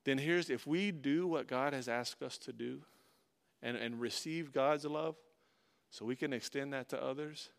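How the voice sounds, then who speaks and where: A pastor delivering a sermon, reading scripture aloud and commenting on it, swinging between loud emphasis and hushed, quiet passages. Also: male voice, mid-range voice, a little slow, creaky, clear, resonant tone.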